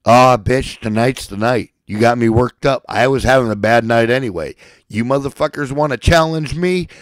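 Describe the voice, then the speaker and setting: A man delivering a furious, profane rant, shouting at times and at others dropping to a low seething threat. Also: normal speed, no echo, low-quality recording. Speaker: ranting speaker.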